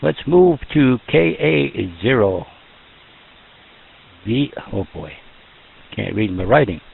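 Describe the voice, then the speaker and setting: Folksy net-control operator, man, slow and gravelly, tinny radio sound. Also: mid-range voice, very animated, a little hiss or hum. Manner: folksy, joking, slow and drawn out. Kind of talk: casual radio net chat.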